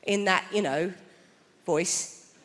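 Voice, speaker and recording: A woman's voice: fairly low pitch, slow pace, fairly bright tone. A woman doing chatty stand-up storytelling who acts out the other people in her stories. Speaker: stand-up comedian. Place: large theatre stage. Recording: reverberant hall with crowd noise.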